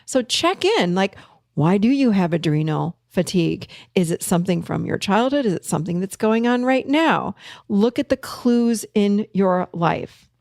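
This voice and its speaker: Woman therapist, gravelly edge, dry close sound, chatty storyteller. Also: mid-range voice, normal speed, dry recording. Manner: storytelling, animated when quoting others. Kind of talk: casual talk.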